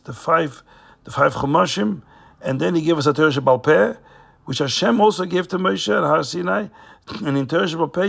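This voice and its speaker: Man playing a calm firm rabbi, earnest, explaining, gravelly, raspy. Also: on the high side, voice pushed up, exaggerated voice.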